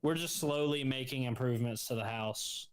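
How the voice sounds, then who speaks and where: A man's voice: mid-range voice, moderate pace, clean tone, low-quality recording. Male co-host, easygoing chat voice, rambles with false starts. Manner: rambling, hesitant with many restarts. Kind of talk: casual chat.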